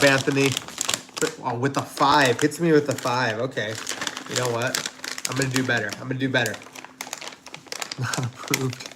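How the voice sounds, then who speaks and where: A man talking at an ordinary pitch as he cooks and chats on a livestream. His talk is loose and rambling, full of fillers and asides. The home kitchen recording carries clear background noise and the crinkle of packaging. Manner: rambling, chatty, many fillers. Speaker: host cooking on a livestream. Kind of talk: casual live-stream chat.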